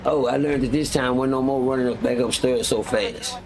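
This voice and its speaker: A middle-aged man from West Texas, telling stories in an animated way on a livestream and acting out the people he quotes. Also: brisk, crowd noise. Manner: animated storyteller, acts out quoted people in a loud high voice. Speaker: livestream host. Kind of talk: casual storytelling. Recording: noisy livestream audio.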